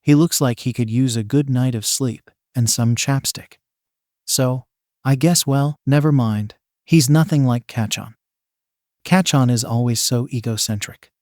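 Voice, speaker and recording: A jittery young woman thinks aloud in a hesitant, rambling way, read out by a man in his everyday voice. The voice sits at a medium pitch and sounds dry and close. It is a storybook reading. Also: a little slow, darkish tone, dry recording, close to an everyday voice. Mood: musing. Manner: hesitant, rambling inner thoughts. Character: nervous, awkward young woman, overthinking.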